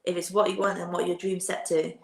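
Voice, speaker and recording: A woman's voice: fairly low pitch, level tone, quick pace, vocal fry. A British woman giving plain-spoken interview answers as a guest, with frequent restarts. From Britain. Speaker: guest, professional boxer. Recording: roomy remote audio.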